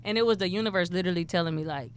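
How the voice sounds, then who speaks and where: A woman from Houston, a rapper and poet telling lively stories as an interview guest and acting out what people said. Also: fairly low pitch, rapid-fire, clean tone. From Houston, Texas. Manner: animated storyteller who acts out quoted dialogue. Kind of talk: casual interview chat.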